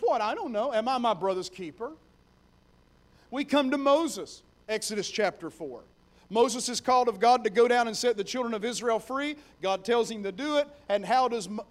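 High-voiced young male preacher. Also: normal speed. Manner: conversational storytelling, animated. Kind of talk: sermon.

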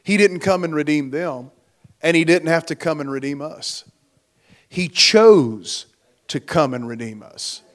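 A man preaching in a church, slow and deliberate, his voice a bit higher than most men's. He leans into key words with rising force and then lets them fall away. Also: animated. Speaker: pastor. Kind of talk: sermon.

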